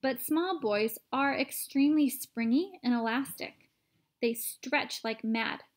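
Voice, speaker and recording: A woman's voice: high voice, takes it slowly. A woman voicing a cheerful, eccentric bearded candy maker with a breezy, offhand manner, in a storybook read-aloud.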